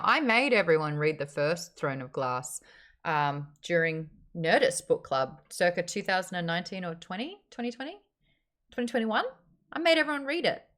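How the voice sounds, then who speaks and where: A woman hosts a relaxed book club stream, her pitch bouncing animatedly as she chats. She laughs easily and drops the odd swear word in casual conversation. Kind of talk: casual livestream chat.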